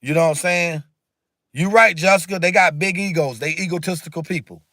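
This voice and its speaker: A man's voice: high voice, a little fast, sharp tone, no echo, clean studio sound. A man hosting a casual livestream, talking emphatically and repetitively in a preachy way while answering viewer comments. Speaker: livestream host.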